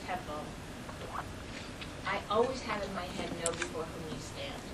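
Woman student, lowish voice, slow answers, heavy room noise. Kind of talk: class discussion.

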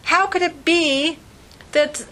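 A woman's voice: very high-pitched, takes it slowly, pushed and bright. Earnest woman teaching a religious class. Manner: earnest, piles up rhetorical questions; conversational, frequent fillers like "like". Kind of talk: informal religious lecture.

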